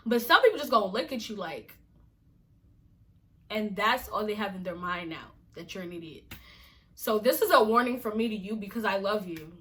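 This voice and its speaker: Bright-voiced young woman ranting, exasperated. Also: mid-range voice, expressive, moderate pace. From Africa. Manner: exasperated, emphatic, dramatic drops to a whisper. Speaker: vlogger. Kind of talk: casual vlog rant to camera.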